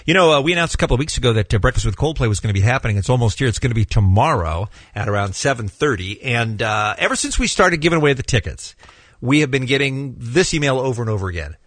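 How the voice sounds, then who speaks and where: A man's voice: medium pitch, quick pace, no room sound. A man hosting a morning radio show, bantering casually and often laughing. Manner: lively, laughing, exasperated.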